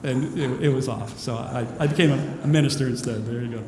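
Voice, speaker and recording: A man's voice: mid-range voice, fairly even intonation, fast, few pauses, crowd noise. A man, a minister, giving a rambling, self-mocking inspirational talk to an audience in a large hall. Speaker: minister and speaker. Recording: echoey hall with faint noise.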